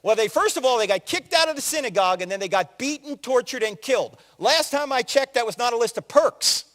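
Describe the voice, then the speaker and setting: A man in his sixties from New Jersey giving an animated, joking story-driven talk as a conference speaker, acting out quotes in other voices. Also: very high-pitched, brisk. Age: 60s. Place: large hall with audience. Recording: long hall reverb.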